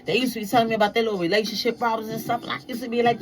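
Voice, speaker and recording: A woman telling stories casually to her viewers, profane and animated, acting out the voices of people she quotes. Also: on the high side, racing, few pauses, low-quality recording.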